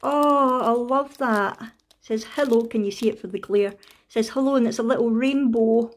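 A Scottish woman in a casual craft unboxing vlog, excitable and gushing, with frequent gasps and delighted exclamations. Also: fairly high pitch, normal speed. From Scotland. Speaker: craft vlogger.

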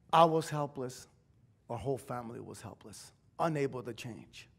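With a slightly high, gravelly voice, a middle-aged pastor tells a personal story as sermon testimony in a church sanctuary. His confessional, emotional delivery now and then surges into shouting.

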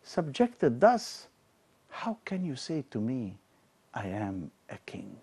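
A man reciting the lines of a melancholy deposed king in slow, declamatory verse, his loudness swelling and falling. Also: mid-range voice, wildly swooping pitch, husky, full character voice. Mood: bitter.

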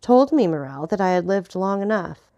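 A woman voicing a grave, vengeful nobleman who speaks in a measured, solemn way. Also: medium pitch, animated, dark tone, muffled recording, close to an everyday voice.

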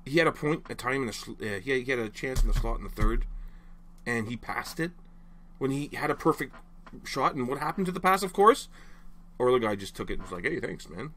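A young man vents to camera about his team, his voice leaping up and dropping in a lively, animated way. He rambles, restarts and keeps apologizing after each outburst. His pitch sits in a middle range for a man. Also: brisk, a little hiss or hum. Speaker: hockey fan vlogger. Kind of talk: casual rant to camera.

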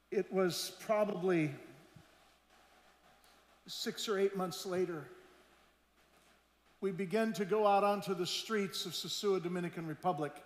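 High-voiced male preacher in an echoing hall. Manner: conversational preaching, asks the audience questions, quotes people he met. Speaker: missionary speaker. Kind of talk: sermon with storytelling. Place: large church hall. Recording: roomy church hall reverb.

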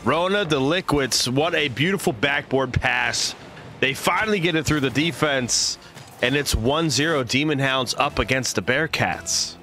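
Bright-voiced playful male game caster. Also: mid-range voice, lively intonation, unhurried, slight background noise. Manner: playful, silly made-up words, chats with viewers. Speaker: esports caster and streamer. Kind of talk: live game commentary.

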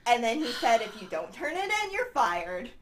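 A woman's voice: a little high, very animated, normal speed, reverberant, a little hiss or hum. A woman playing a frazzled, apologetic female superfan who swears as she tells stories. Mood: flustered. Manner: breathless storytelling, apologetic and swearing.

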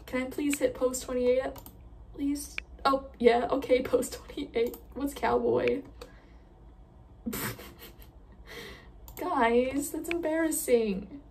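A woman chatting casually while playing a game, self-deprecating and quick to giggle at her own mistakes. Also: high voice, steady tone, vocal fry, darkish tone, far from the mic, a little hiss or hum. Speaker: gamer reacting to a game. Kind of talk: casual gameplay commentary.

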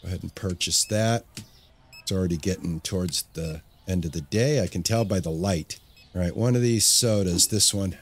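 A man's voice: sits low, normal speed, slight background noise. A man hosting a casual let's-play, narrating his gameplay as he goes and often repeating words to himself when things get busy. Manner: talks to himself, repeats words under pressure. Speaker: gaming channel host.

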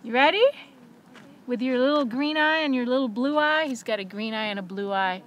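A woman's voice: fairly high pitch, fairly quick, fairly bright tone, slight background noise. A woman filmmaker chatting on camera, coaxing dogs in a gushing sing-song and talking about her crowdfunding campaign. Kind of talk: casual on-camera chat.

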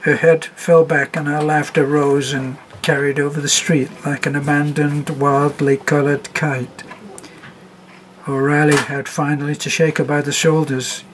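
A man reading a story aloud as narrator, in a measured, even manner. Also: a little high, a little hiss or hum, low-quality recording.

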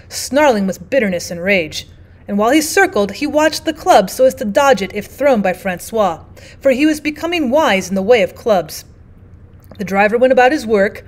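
A woman, a teacher, reading a classic novel aloud in steady, clear audiobook narration. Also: fairly high pitch.

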